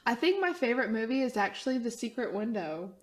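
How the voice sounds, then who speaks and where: Chatty Texan woman, high voice. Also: lively intonation, fast talker. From Central Texas. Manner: chatty, laughs often, many fillers. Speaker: podcast co-host. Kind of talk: casual chat.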